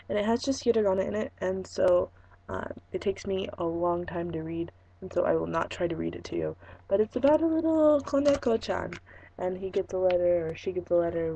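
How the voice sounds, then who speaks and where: Hoarse, gravelly young woman. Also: on the low side, dark tone, lo-fi sound. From Fresno, California. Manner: rambling, lots of ums and restarts. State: hoarse, losing her voice. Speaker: vlogger. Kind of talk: casual vlog chat.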